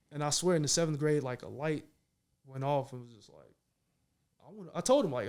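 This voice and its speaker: A man in his thirties, a professional basketball player from Minnesota, chatting as a guest and telling lively stories in casual slang. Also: on the high side, fast. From Minnesota, United States. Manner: animated storytelling, slangy, repeats "you know what I mean". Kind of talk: casual conversation.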